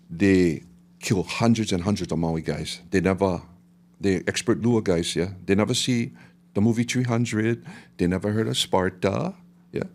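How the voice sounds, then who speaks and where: A middle-aged man from Hawaii with a Hawaiian Pidgin accent, telling a story on a podcast in an animated way and dropping to a hush for the dramatic parts. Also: sits low, normal speed. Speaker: guest artist and historian. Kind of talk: storytelling in casual podcast talk.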